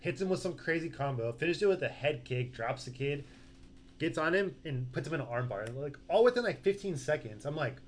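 A young adult man in a casual podcast chat. He swears freely and tells stories in an animated way. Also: fairly high pitch, brisk. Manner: profane, animated storytelling.

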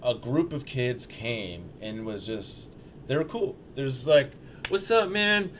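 A man's voice: mid-range voice, animated, a little slow, darkish tone, slight background noise. Young man telling a rambling, profane story. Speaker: storyteller on a podcast. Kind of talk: casual chat.

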